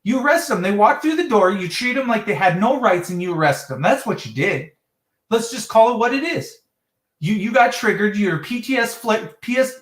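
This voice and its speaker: High-voiced man ranting hotly. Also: fairly bright tone, echoey room. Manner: heated, profane, exasperated ranting. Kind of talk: ranting livestream talk.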